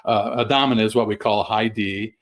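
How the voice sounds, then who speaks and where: Middle-aged man, fairly low voice, folksy and halting, webinar over a video call. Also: steady tone. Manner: folksy, halting, many fillers and restarts. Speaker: guest sales trainer. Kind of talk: webinar presentation.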